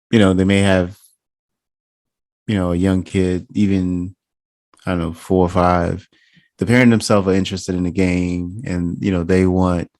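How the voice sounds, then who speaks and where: A male podcast host with a fairly low voice asks long, winding questions. He speeds up and grows animated when he argues a point. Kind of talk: casual interview chat.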